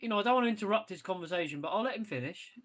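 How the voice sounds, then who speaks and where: Hesitant man, slightly high voice. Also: expressive, rapid-fire, a bit bright, faint music behind. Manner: hesitant, stumbling, playful. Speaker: player. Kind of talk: tabletop role-play chat.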